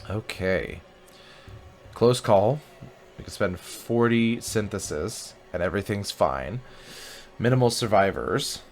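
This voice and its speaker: A man hosting a gaming video, chatting and joking as he plays and reads game text aloud. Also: low-pitched. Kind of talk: let's play commentary.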